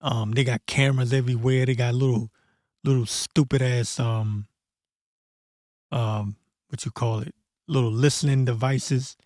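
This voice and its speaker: A man hosting a casual scripture commentary, blunt and profane, tossing in "man" often and reading verses slowly and deliberately. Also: medium pitch, steady tone, a little mellow, dry recording, studio quality. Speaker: host of a prophecy commentary channel.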